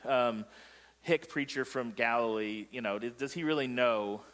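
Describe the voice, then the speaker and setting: A man's voice: medium pitch, normal speed, fairly bright tone, big-room sound. A male pastor preaching a sermon in a joking way, quizzing the congregation as he goes. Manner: joking, asks the congregation questions. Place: church sanctuary.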